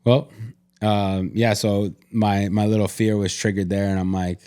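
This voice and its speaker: This man co-hosts a candid podcast in a lowish, warm, clear, resonant voice, speaking a little slowly with little pitch movement. He talks sincerely and openly, with lots of "like" fillers and restarts.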